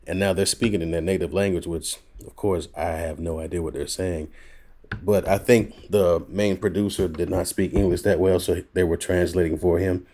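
A man who is a voice actor, telling stories as a guest in a casual podcast conversation, animated and quick to laugh. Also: sits low.

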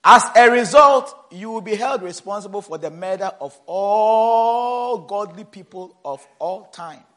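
A man preaching a sermon as pastor, swinging between shouted emphasis and soft low asides, repeating words and asking the congregation questions. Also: unhurried.

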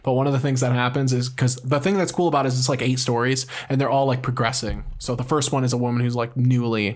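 A man's voice: mid-range voice, fairly even intonation, quick pace. A man in casual podcast chat, telling stories animatedly, acting out the voices of people he describes and swearing freely.

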